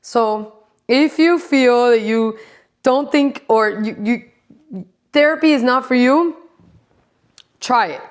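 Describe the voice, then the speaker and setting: A woman's voice: a little high, slow pace, pauses often. A woman in her forties chatting casually to camera, blunt, sassy and full of profanity. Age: 40s. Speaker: vlogger.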